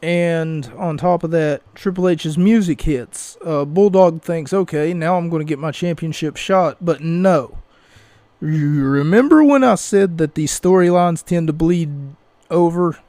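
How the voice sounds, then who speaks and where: A man with a fairly high, mellow voice talks slowly through a casual wrestling recap, rambling and doubling back on himself. The sound is dry and close, with no room around it. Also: no room sound. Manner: rambling, with restarts and asides. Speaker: podcast host.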